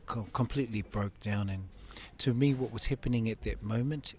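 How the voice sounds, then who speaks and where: A man's voice: on the low side, normal speed, a little mellow. A man in his fifties telling an emotional personal story in an interview, laughing often and acting out the voices of family members. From Samoan family. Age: 50s. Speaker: interview guest.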